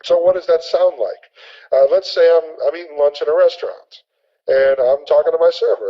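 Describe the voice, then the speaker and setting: This is an energetic man leading a sales training webinar. His voice sits somewhat high, and he repeats his key points. The audio is dull and lo-fi, like an online call. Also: moderate pace. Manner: energetic, repetitive, acts out sample conversations.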